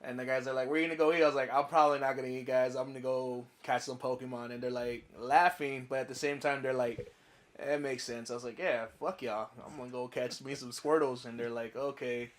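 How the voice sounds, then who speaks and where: A man co-hosting a podcast, telling a relaxed, easygoing story with some swearing. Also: medium pitch, brisk. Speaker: podcast co-host. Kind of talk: casual chat.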